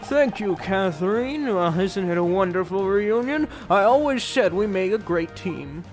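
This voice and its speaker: A man's voice: high-pitched, animated, unhurried, soft background music. A man voicing a smarmy retired male host of an awards show, talking in showy, joking emcee patter in a game. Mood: hammy.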